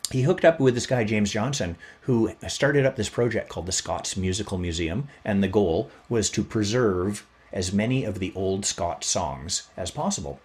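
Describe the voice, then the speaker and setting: A man's voice: on the low side, moderate pace, few pauses. A man hosting a podcast, telling a history story in a casual, chatty way and playing it up for fun. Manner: animated, chatty, plays up the story. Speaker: podcast host.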